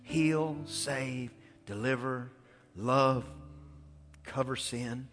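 A male pastor preaching a sermon in a lively, casual storytelling style. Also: mid-range voice, drawn-out words. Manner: storytelling, animated, casual slang. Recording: echoey church hall with faint music.

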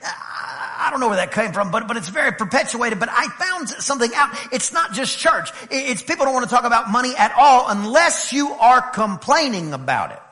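A man preaching a sermon as pastor, moving from conversational talk to fervent shouting. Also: very high voice, big pitch swings, a little fast, few pauses, long reverb tail. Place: church.

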